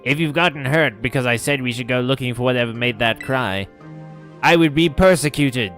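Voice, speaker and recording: A man's voice: mid-range voice, brisk, a bit bright, soft background music, natural voice. Eager teen girl companion from a video game, read aloud by a man, earnest and plain, with a hint of an accent. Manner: reads on-screen game dialogue aloud, slipping into an accent.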